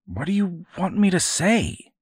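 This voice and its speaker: A young boy's voice, pushed well up in pitch and tight with alarm, as a man reading the story puts him on. It sounds husky and close, set against a dry, deadened room. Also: big pitch swings, measured pace, dry recording, heavily acted. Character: frightened defiant young boy adventurer.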